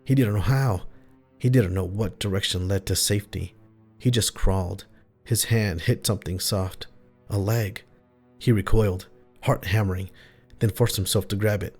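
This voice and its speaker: A man's voice: on the low side, normal speed, a little mellow, breathy edge. A man narrating a horror story in short, tense phrases. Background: faint music.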